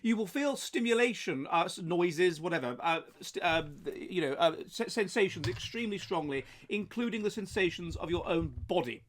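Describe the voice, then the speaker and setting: A man with a fairly high voice hosts a solo commentary. He pushes hard on key words and keeps stumbling into restarts and fillers as he works through his points. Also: expressive, moderate pace, few pauses. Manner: emphatic, with frequent hesitations and restarts. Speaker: host.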